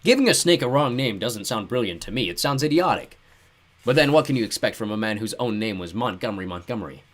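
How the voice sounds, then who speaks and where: A man voicing a loud, brash, chubby man who talks bluntly and dismissively. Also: on the low side, animated, quick pace. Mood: booming brash. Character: booming brash chubby man, careless and smug.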